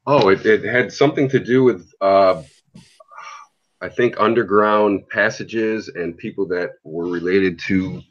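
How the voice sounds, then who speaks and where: A man's voice: on the low side, a little slow. A man asking a question on a video call, curious and hesitant, with many fillers, through dull lo-fi call audio. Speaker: caller. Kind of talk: casual group video chat.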